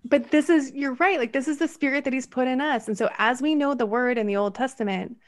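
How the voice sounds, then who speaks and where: A woman's voice: sits high, brisk. A woman co-hosting a casual Bible discussion podcast, talking eagerly and running on as she reads passages aloud. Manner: animated, quotes scripture at length, runs on excitedly. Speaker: podcast co-host.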